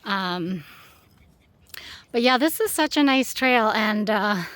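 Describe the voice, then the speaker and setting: Breathless high-voiced woman hiking a trail. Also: fairly bright tone, dry recording. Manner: chatty and rambling, laughs easily. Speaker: dog walker. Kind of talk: casual vlog chat while hiking. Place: outdoor wooded ravine trail.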